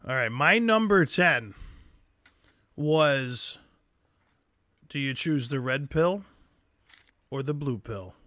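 A man co-hosting a casual podcast, animated and joking, acting out movie scenes. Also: mid-range voice, takes it slowly, pauses often, no echo, clean studio sound. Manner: animated, acts out scenes in exaggerated voices. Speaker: podcast co-host. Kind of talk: casual chat.

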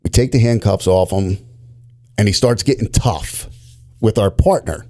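A man's voice: fairly low pitch, measured pace. A man, a former police officer, telling profane stories in casual chat. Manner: profane, animated storytelling.

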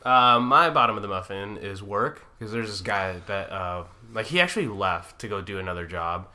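A man with a Canadian accent co-hosting a podcast, chatting casually and joking with quick asides. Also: on the low side, animated, pushed and bright. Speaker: podcast co-host. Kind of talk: casual banter.

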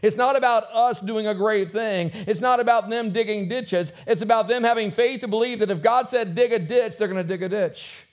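A man's voice: high-pitched, normal speed, hardly any pauses. A man preaching a sermon as pastor, with rising and falling emphasis.

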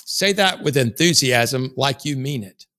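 A man with an everyday mid-range voice talks straight at his audience like a no-nonsense sales coach. He is blunt and emphatic, drops swear words without a pause, and keeps pushing the point. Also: mid-range voice, expressive, sharp tone. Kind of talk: motivational coaching talk.

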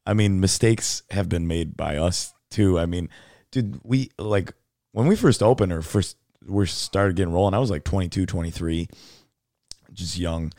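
A man's voice: sits low, moderate pace, warm tone, no echo, clean studio sound. A man hosting a podcast, chatting casually in a rambling way full of "like" and swearing. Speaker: podcast host. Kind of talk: casual chat.

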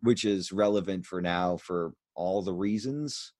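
Low-voiced rambling podcast host. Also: male voice, a little slow, a little mellow, no echo, clean studio sound. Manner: rambling, many restarts and fillers. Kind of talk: casual conversation.

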